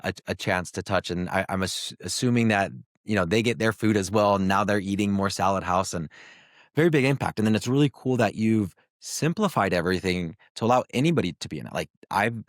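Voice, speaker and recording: A man with a fairly low voice hosts a casual business interview. He is upbeat and sums up his guest's points in long runs. The sound is dry and close. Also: a little fast, no echo. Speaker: interview host.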